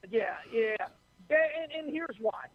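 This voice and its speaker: A man's voice: very high-pitched, lively intonation, measured pace, creaky, no room sound, highs cut off. A man co-hosting on talk radio, chatting casually and agreeably, confident when talking sports. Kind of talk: casual on-air chat. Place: radio studio.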